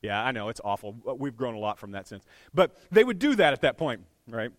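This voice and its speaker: A man preaching a sermon as a conversational, animated retelling, with restarts and light chuckles. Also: medium pitch, a little fast, dry recording. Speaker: pastor. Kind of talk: storytelling sermon.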